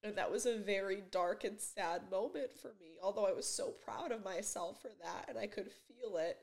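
A woman in her twenties talking in a personal confessional vlog in her bedroom, emotional and halting, with many fillers and restarts. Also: medium pitch, creaky. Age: 20s. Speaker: vlogger. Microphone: camera mic.

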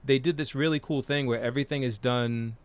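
A man's voice: mid-range voice, steady tone, fairly quick. A man in his forties, co-hosting a podcast in casual chat, rambling and swearing with many fillers. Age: 40s. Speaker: podcast co-host.

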